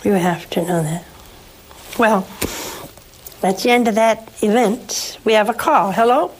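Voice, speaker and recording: A woman's voice: medium pitch, measured pace, a little hiss or hum, low-quality recording. A woman, a nun hosting a call-in show, preaching and answering callers in an emphatic, coaxing way.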